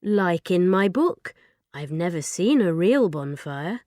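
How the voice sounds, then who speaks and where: A woman's voice: on the low side, expressive, takes it slowly, a little mellow, no echo. A naive teenage boy robot, voiced by a woman reading a storybook, with a lilt. He sounds earnest and wide-eyed, and his voice swings up and down a lot. The recording is close and dry. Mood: curious. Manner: wide-eyed and earnest, asking simple questions.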